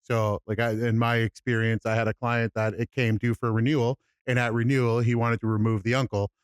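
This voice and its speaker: A man co-hosting a podcast, talking in a relaxed way with many "you know"s. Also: medium pitch, brisk, smooth, no echo, clean studio sound. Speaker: podcast co-host. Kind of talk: casual podcast chat.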